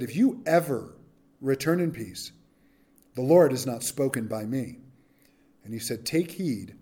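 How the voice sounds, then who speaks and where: A man preaching a verse-by-verse sermon, reading scripture aloud and acting out the speakers in casual modern slang. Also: on the high side. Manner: animated, acts out quotes in modern slang. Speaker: pastor. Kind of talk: expository sermon.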